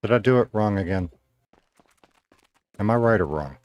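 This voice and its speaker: A man with a fairly low, darkish voice talks at normal speed in an animated way while streaming a game. He rambles, thinks aloud, and chats with viewers through a streaming mic with a noise gate, with no room sound audible.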